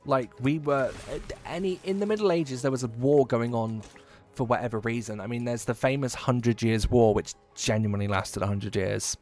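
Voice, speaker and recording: A man's voice: medium pitch, normal speed, darkish tone, faint music behind. A man from England with an English accent and a bit of Midlands, chatting casually and rambling while streaming a game, with frequent swearing. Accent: English, with a touch of Midlands. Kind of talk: casual livestream chat while gaming.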